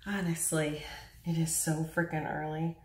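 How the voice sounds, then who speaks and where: A young woman chatting casually through an early-morning makeup tutorial at home, speaking softly at times. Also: low-pitched, level tone, a little slow. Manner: chatty, self-deprecating, talks quietly at times. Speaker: makeup vlogger. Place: home bathroom or bedroom at a mirror. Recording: echoey room, voice from a distance.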